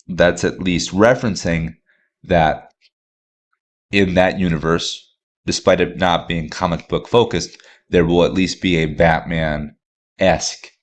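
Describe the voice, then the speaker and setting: Man, very low voice, casual podcast chat, rambling, lots of fillers. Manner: rambling, filler-heavy, enthusiastic. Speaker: podcast host.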